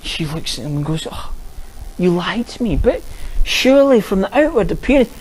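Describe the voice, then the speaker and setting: A man's voice: sits high, sing-song, moderate pace, breathy edge, low-quality recording. A man preaching a sermon, earnest and full of rhetorical questions.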